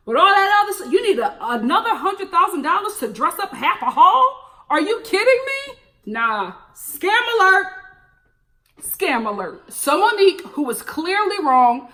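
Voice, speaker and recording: A young woman gives blunt, teasing commentary on a reality show. Her high voice leaps all over the place, and her tone is bright and sharp. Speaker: reality TV reviewer. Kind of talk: casual commentary.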